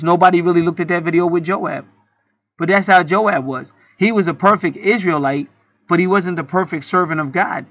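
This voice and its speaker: A man's voice: high-pitched, pushed and bright, no room sound, highs cut off. A man telling a story in a casual, heated monologue, swearing often and rambling with many restarts. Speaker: channel host.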